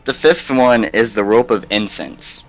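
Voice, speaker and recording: Slow-talking man player in a tabletop game. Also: on the low side, faint music behind. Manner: unsure, asking questions.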